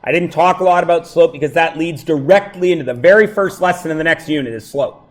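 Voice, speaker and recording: A man's voice: fairly high pitch, fast. A man teaching a math review lesson to a classroom, joking and going off on tangents while checking that his students follow.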